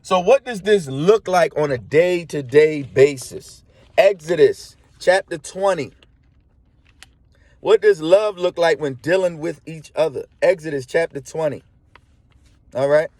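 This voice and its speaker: A man delivers a sermon in a fairly high voice, talking in a blunt, everyday way. He keeps asking "right?" to pull his listeners along, and his voice sounds close and dry, with almost no room around it. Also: a little slow, a little mellow, no echo. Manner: preachy, emphatic, frequent "right?" check-ins; colloquial street-flavored speech. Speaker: preacher.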